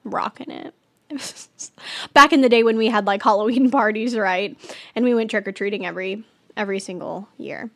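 A woman's voice: mid-range voice, normal speed, creaky, dry recording. A teenage girl from California hosting a casual solo chat show, bubbly and rambling with lots of giggles and "like". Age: teens. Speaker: host.

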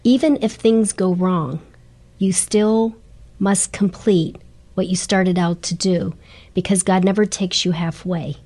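A middle-aged woman tells her stories as an interview guest, earnest and animated. Her voice sits a little low. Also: measured pace, hardly any pauses. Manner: earnest and animated, laughs while telling stories. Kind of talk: storytelling interview chat.

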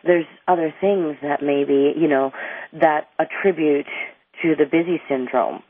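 A woman's voice: sits low, fairly even intonation, measured pace, no echo. Earnest woman guest on a tinny line. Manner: earnest, rambling with restarts. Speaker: anger management coach and author, guest. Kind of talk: interview answers, explaining. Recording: tinny phone line, dry.

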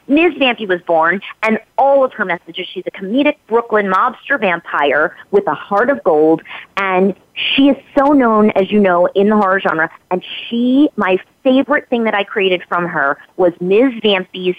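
A woman's voice: medium pitch, expressive, normal speed, no echo. A woman guest in a podcast interview, talking in an emphatic, motivational way and repeating phrases for stress. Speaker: actress and guest. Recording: tinny phone-like line, dry.

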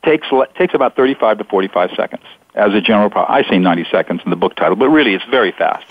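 A man being interviewed as a guest author on radio, explaining his method in a measured, step-by-step way. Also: lowish voice, expressive. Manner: measured, explanatory, steps through points. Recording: dull lo-fi radio sound.

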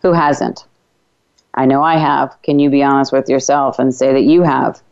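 Female talk radio host: deep, smooth voice, earnest and reflective storytelling, slightly muffled recording. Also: steady tone, a little mellow. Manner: earnest, reflective, with halting restarts. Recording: slightly dull lo-fi radio audio.

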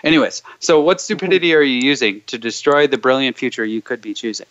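A man hosting a call-in coaching show, chatting loosely and then reciting repeated clearing statements in a low, steady way. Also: fast, lo-fi sound. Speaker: host leading callers through clearing statements.

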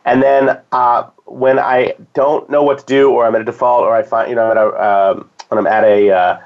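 A man's voice: medium pitch, fairly even intonation, moderate pace. A man talking casually as a guest, rambling with restarts and fillers. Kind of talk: casual conversation. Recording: dull lo-fi sound.

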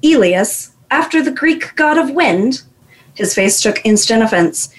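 A woman author reading her own novel aloud in a slow, dry first-person voice. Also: fairly high pitch, animated, poor audio. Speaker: author guest.

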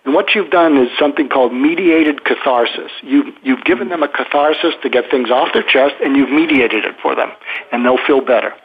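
A man's voice: medium pitch, fairly quick, slight background noise. An older man, a psychiatrist guest, explaining at length in a rambling way with many fillers and restarts. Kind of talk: casual explanatory interview talk. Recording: tinny phone line.

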